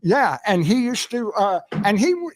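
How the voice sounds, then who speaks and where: An older man and comedian talking in a casual chat, halting with many fillers and slipping in dry jokes. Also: high-pitched, big pitch swings, slight background noise. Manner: halting, full of uhs, dry jokey asides. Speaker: comedian co-host.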